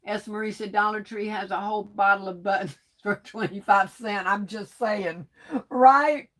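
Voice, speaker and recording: A woman's voice: mid-range voice, little pitch movement, moderate pace, a bit bright. A woman hosting a craft livestream, reading viewer comments aloud in a teasing, folksy way and laughing often.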